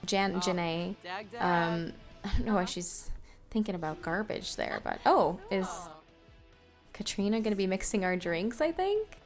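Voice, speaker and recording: Over game music, a woman hosts a let's play in an unhurried, expressive mid-range voice. Her casual gameplay commentary is sprinkled with filler words and small laughs.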